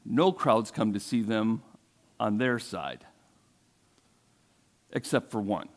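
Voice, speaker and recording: A man's voice: lowish voice, lively intonation, slow pace. Man preaching a storytelling sermon. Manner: conversational storytelling, asks the congregation questions. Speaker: pastor.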